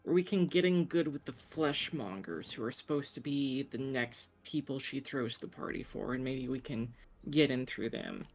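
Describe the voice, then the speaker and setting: A woman's voice: extremely low pitch, expressive, normal speed, hardly any pauses, breathy edge. A woman playing a tabletop role-playing game, talking through plans hesitantly with restarts. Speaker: player. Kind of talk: tabletop role-play chat.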